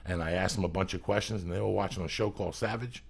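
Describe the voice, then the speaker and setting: A man's voice: low voice, fairly even intonation, fast, vocal fry, husky. A middle-aged man hosting a casual podcast while stoned, rambling through profane, loose stories. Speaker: podcast host.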